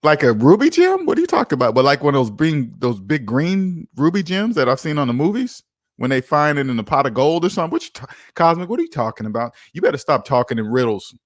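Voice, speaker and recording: A man's voice: a little high, big pitch swings, fast, dry recording, studio quality. A man hosting a casual finance livestream, reading viewer comments aloud and teasing them with a joking manner.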